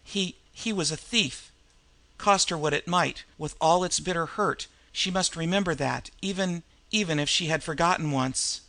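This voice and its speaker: Man, audiobook narrator, scripted narration, bright voice, slightly high pitch, expressive. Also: moderate pace, gravelly, hardly any pauses.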